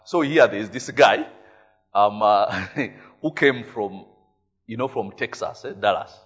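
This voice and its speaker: A man with a Ugandan English accent preaching a sermon, telling stories in a lively way, tagging his lines with "eh?" and laughing often. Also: fairly low pitch, slow, husky, highs cut off. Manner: animated storytelling, frequent "eh?" tags, laughing often. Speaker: pastor.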